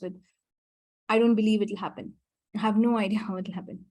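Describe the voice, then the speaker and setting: A woman leading a group healing call, reeling off repeated clearing phrases in a quick chant that fades toward the end of each round. Her voice sits at a middling pitch and comes through a video call. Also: fairly even intonation. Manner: rapid chanted clearing phrases, trailing off softly.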